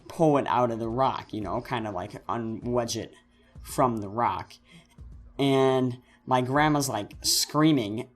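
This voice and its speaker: Teen boy vlogger, mid-pitched, rambling storyteller over faint music. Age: teens. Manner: rambling, animated, self-correcting storyteller. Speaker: channel host. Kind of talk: casual storytime vlog.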